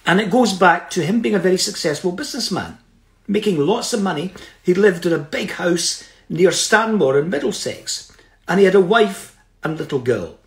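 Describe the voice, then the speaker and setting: A middle-aged man with a high voice tells a personal story in an earnest, reflective manner. He checks in with his listeners now and then. The recording has a roomy echo around him. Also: animated, moderate pace, vocal fry. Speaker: speaker.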